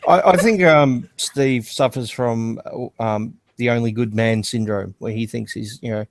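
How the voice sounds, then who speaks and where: A man's voice: medium pitch, normal speed, dry recording. A man on a livestreamed talk panel, speaking casually with many ums and uhs. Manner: hesitant, many fillers. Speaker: podcast panelist. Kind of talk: casual debate chat.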